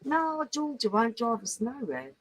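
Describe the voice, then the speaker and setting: A woman's voice: a little high, sing-song, a little slow, breathy edge. A woman chatting casually, laughing often. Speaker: co-host. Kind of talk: casual chat.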